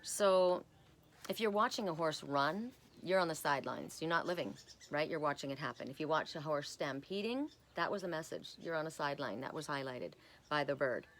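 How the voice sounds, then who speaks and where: A woman's voice: deep voice, fairly quick. A woman giving a casual spiritual oracle card reading, chatty and rambling with personal asides, often tagging her points with "right?".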